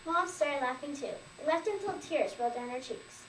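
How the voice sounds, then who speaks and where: A woman reciting a lively personal story at a language fair, peppering it with "like". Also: sits high, moderate pace, hardly any pauses, a little hiss or hum. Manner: lively storyteller, heavy use of "like". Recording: echoey room, mic far off.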